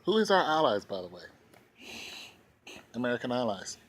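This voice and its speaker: Indignant man with a bright voice. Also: medium pitch, very animated, moderate pace, slightly rough. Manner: sarcastic, indignant, emphatic repetition. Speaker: vlogger. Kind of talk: ranting commentary.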